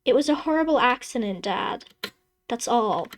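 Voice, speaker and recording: A woman's voice: fairly high pitch, animated, normal speed, a little hiss or hum. A woman voicing a grown daughter who pleads tearfully with her grieving father in a horror game. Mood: tearful pleading. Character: grieving obsessed father, middle-aged man.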